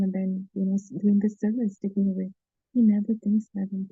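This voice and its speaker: A woman's voice: mid-range voice, flat delivery, a little fast, warm tone, breathy edge, no room sound, highs cut off. A woman giving an earnest devotional talk, retelling scripture stories with many fillers and restarts. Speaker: devotional speaker.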